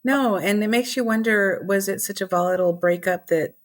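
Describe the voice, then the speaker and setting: A woman co-hosts a podcast, steering a casual chat in an easygoing, agreeable way. Her voice is mid-range and brisk.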